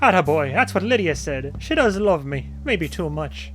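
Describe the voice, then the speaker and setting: Brief: a man doing a pushy older cop with a put-on Irish brogue, loud, high and overly chummy. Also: big pitch swings, moderate pace, soft background music. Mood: blustery. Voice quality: loud, blustery, overly familiar.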